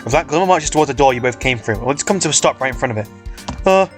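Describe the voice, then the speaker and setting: Casual male reader, fan comic read-aloud; lively pitch, faint music bed. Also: fast talker. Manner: casual, swears, stumbles over words.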